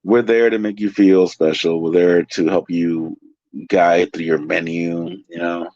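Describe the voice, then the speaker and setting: A man's voice: sits low, level tone, measured pace, a little mellow, no room sound. A man from California, a waiter, telling loose, profane stories in a casual interview. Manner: profane, loose anecdotal storytelling. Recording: dry, slightly muffled.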